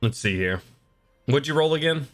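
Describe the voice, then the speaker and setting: A man's voice: mid-range voice, expressive, moderate pace. A man narrating as game master of a tabletop game, rambling with many fillers. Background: faint battle music.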